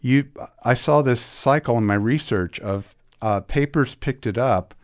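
A man's voice: medium pitch, a little slow. A middle-aged man talking enthusiastically about restoring old comics, with many restarts. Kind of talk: casual interview talk.

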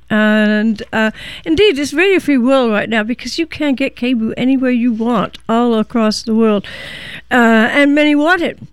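Halting woman radio host, smooth voice. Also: a little high, dry recording. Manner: halting, many fillers and pauses. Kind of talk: live radio interview and pledge pitch.

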